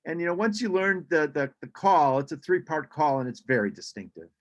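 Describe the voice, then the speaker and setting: A man's voice: a little high, very animated, fairly quick, highs cut off. A man giving a casual birding presentation over a video call, chatty, with frequent ums and restarts.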